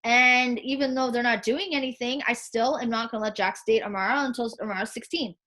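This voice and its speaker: Blunt, high-voiced woman on a video call. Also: steady tone, brisk, bright, forceful tone. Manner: blunt, swears often, acts out quotes. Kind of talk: heated casual chat.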